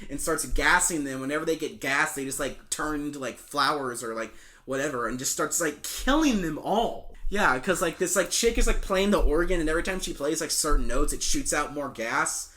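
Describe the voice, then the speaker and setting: A man's voice: fairly high pitch, expressive, moderate pace, pushed and bright. A young man co-hosting a film podcast, casually retelling a movie plot with swearing, laughter and silly quoted voices. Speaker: podcast co-host.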